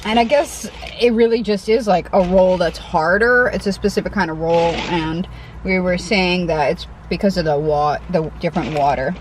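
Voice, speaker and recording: A woman's voice: lowish voice, moderate pace, poor audio. Young Connecticut woman, mukbang vlogger in her parked car, chatty and self-deprecating, faint hum behind. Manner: chatty and self-deprecating, eating between remarks. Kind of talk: casual eating vlog chat.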